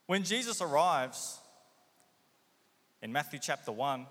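A man preaches with a bright, forceful voice that sits a little high for a man. He keeps firing rhetorical questions and slips into the voices of the people in his story. His words ring out with a long reverb, as in a large hall. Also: very animated, slow pace. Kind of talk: sermon.

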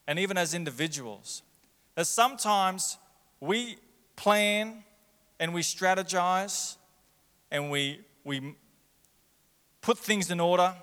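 A man's voice: on the high side, sharp tone. A man preaching a sermon in a church, telling the story in a conversational way and acting out the voices he quotes. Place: church hall. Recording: long hall reverb.

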